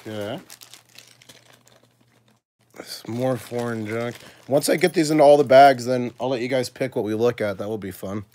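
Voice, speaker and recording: A man hosting a casual coin-collecting video, chatting to his viewers and thinking aloud as he sorts, with excited little exclamations. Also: mid-range voice, moderate pace, long pauses. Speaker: coin collecting channel host. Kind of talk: casual live coin sorting chat.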